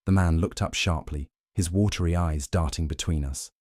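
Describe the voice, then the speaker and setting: A man gives scripted narration in a formal, measured storytelling manner. His voice is deep and mellow. The recording is dry and close, with no room sound. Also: no room sound.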